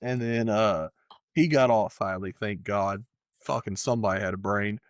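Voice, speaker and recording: A man's voice: lowish voice, moderate pace, dry recording. Profane ranting man, dry sound. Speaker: podcast co-host. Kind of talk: casual chat.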